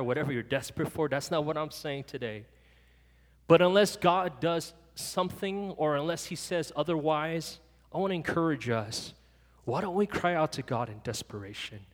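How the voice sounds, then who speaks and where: A man preaching a sermon as pastor, earnest and pleading, leading the church in prayer. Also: on the high side. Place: church hall. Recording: long reverb with soft guitar music behind.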